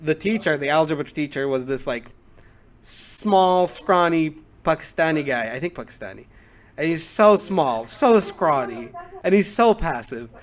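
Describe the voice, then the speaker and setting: A man's voice: fairly high pitch, animated, unhurried. A young man telling school stories on a casual podcast, rambling with many fillers and acting out quotes. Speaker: podcast co-host. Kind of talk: casual storytelling.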